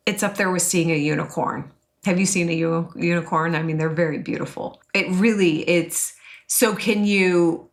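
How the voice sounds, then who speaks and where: A woman teaching about personality types in a chatty, expressive way, often acting out quotes. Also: lowish voice. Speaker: Enneagram coach and teacher. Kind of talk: casual teaching talk to an online class.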